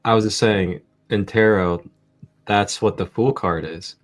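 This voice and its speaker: A man co-hosting a spiritual study livestream, chatting in a relaxed way and laughing easily. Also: fairly low pitch, unhurried. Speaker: co-host. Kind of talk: casual spiritual chat.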